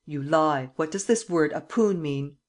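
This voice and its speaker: Mocking gentleman thief voiced by an audiobook reader, theatrical, taunting, mid-pitched voice. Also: natural voice. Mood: stern. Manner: taunting, theatrical, quick to triumph. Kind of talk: audiobook character reading.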